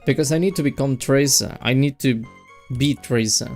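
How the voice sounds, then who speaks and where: A chatty male streamer who rambles and giggles with viewers, his voice mellow and soft-edged. Faint music plays underneath. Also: medium pitch, normal speed. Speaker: VTuber streamer. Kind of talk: casual game stream chat.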